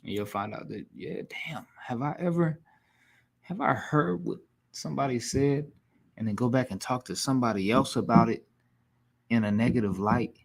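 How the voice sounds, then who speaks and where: A man leads a scripture class in a blunt, scolding preacher's voice. He talks plainly and profanely to his listeners, and his pitch sits in the middle of the male range. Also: normal speed, gravelly. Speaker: class instructor.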